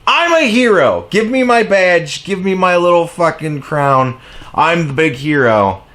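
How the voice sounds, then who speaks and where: Sarcastic, profane man ranting high. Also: sing-song, measured pace. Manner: heavy profanity, sarcastic and mocking; exasperated, shifts between shouting highs and low mutters. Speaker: commentary vlogger. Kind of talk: angry political rant.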